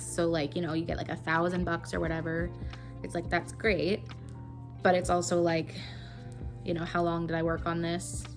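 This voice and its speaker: Rambling young woman, crochet vlog chat, phone mic, music behind. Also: lowish voice. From Canada. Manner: chatty and rambling, with many fillers. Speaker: crochet vlogger. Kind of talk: casual chat while crocheting.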